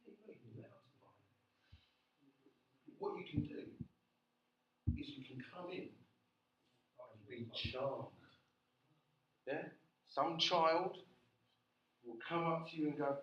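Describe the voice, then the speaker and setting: A man giving a classroom lecture, animated, often checking in with the class by asking "yeah?". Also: on the high side, unhurried, long pauses. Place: lecture room. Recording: echoey classroom, distant, dull.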